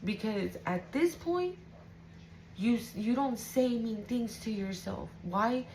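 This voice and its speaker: Slow and animated, her slightly high voice has a little mellowness, though the low-quality recording carries a faint hiss or hum. She's a tarot reader doing an intuitive reading for viewers, cursing often, emotional and laid-back, forever tossing in "right?"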